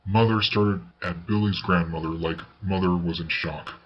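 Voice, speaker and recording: Man narrating a ghost story, deep voice, measured reading, faint hiss. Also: fairly even intonation. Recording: slightly dull recording with faint hiss.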